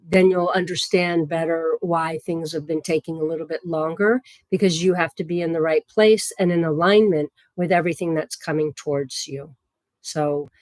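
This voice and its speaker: A woman giving psychic readings on a livestream in a gentle, chatty way, with many fillers and soft laughs. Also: on the low side, no echo.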